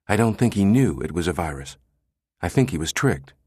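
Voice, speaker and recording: A man voicing a pushy, fierce middle-aged woman analyst, talking in an insistent, sharp, clipped way. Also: sits low, big pitch swings, normal speed, husky, dry recording, studio quality, full character voice.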